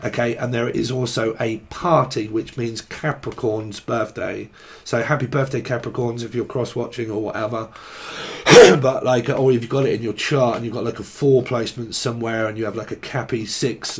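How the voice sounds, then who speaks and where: A man talks through a tarot reading in a loose, rambling way. He jumps from one idea to the next, jokes and drops swear words as he goes. His voice sits in an ordinary middle pitch. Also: husky. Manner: rambling, free-associating, jokey, swears casually. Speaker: tarot reader. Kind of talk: casual stream-of-consciousness tarot reading.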